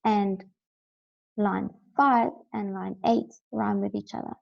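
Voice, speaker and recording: Woman teacher, patient explanations, mid-pitched voice, dull lo-fi sound. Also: fairly even intonation, slow, creaky. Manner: patient, explanatory, checks in with "right?". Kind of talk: recorded classroom lesson.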